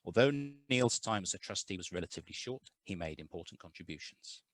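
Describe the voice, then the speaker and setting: A man from the UK chairing an online charity meeting, reading his report in a measured, formal way over a video call. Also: low voice, animated, no echo.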